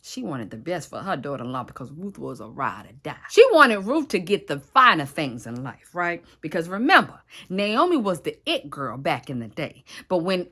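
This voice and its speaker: A woman retells a Bible story in a chatty, slangy, conversational way, her pitch jumping around constantly. Her voice is bright and forceful. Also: very animated, moderate pace, hardly any pauses, breathy edge.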